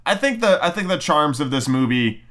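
Very animated and pitched on the high side, this podcaster reviews a film solo at a moderate pace with a fairly bright tone. The talk is rambling and profane, packed with ums and restarts, and he mocks characters in put-on voices.

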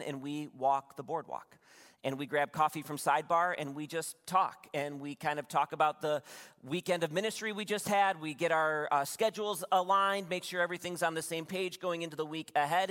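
A young adult man gives a sermon as the pastor, sharing a story in a relaxed, confiding tone and turning to the congregation with asides. His voice sits a little high for a man. The sound carries a long reverb from a large hall.

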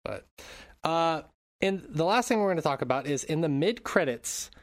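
Animated man casually chatting on a podcast. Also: fairly high pitch, moderate pace. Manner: laid-back, swears casually. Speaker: podcast co-host. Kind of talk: casual chat.

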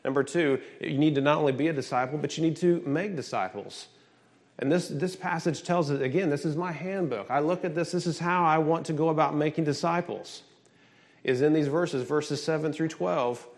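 Animated, emphatic male preacher. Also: a little high, moderate pace, vocal fry. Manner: emphatic, animated preaching with call-and-response questions. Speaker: pastor. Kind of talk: sermon.

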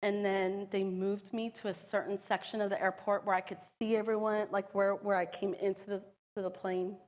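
A woman tells her own story in an earnest, emotional way. She talks about it at a middling pitch and brings it to life by acting out the voices of the people she quotes. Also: flat delivery, normal speed, long reverb tail. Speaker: storyteller sharing a personal testimony. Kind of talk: personal storytelling.

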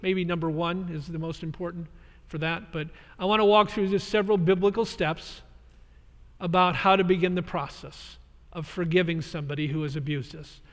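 A man's voice: high-pitched, fairly even intonation, moderate pace, a bit bright. A man preaching a sermon as pastor, earnest and emphatic as he explains the text and speaks directly to his listeners. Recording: long reverb of a large hall.

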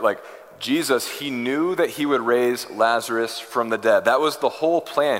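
Male pastor preaching, mid-pitched, earnest and pleading, long hall reverb. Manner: earnest, pleading, builds from hushed to emphatic. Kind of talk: sermon.

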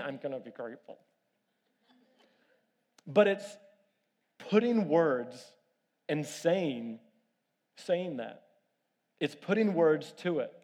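Man preaching a sermon in a large reverberant hall. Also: sits high. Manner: animated storytelling with audience questions. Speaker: pastor.

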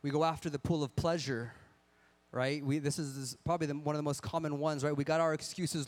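A man preaching a sermon with a slightly higher voice than most men. He talks in an earnest, conversational way, with lots of rhetorical questions. Now and then he acts out people's excuses in a whiny tone. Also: steady tone, quick pace.

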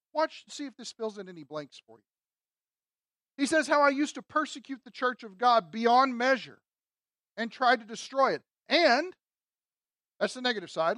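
A woman's voice: a little high, a bit bright, no room sound. A woman teaching a sermon through a Bible passage, emphatic and conversational, often asking her listeners rhetorical questions. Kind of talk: expository sermon.

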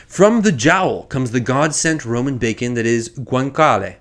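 A man's voice: mid-range voice, animated, a little slow, fairly bright tone. A man from acting out a theatrical male gun dealer who sells weapons as cuts of pork, with grand showman patter and a mock French flair. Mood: showy salesman.

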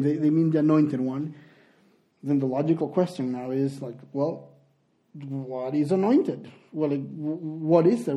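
A man teaching a sermon in a dark, mellow voice that sits a little high for a man. He explains things patiently and often restarts his sentences mid-thought. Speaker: preacher.

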